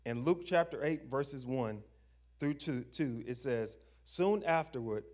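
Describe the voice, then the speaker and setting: A man's voice: mid-range voice, animated, a little mellow. Emphatic young preacher man. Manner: emphatic, call-and-response questions; slow stressed scripture reading, informal grammar. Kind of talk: sermon.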